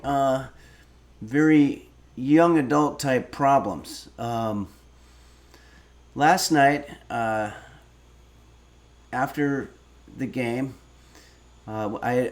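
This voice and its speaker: A man in his fifties hosting a casual cooking livestream, reading viewer messages aloud and answering with deadpan, rambling stories. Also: medium pitch. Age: 50s. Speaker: streaming cooking show host.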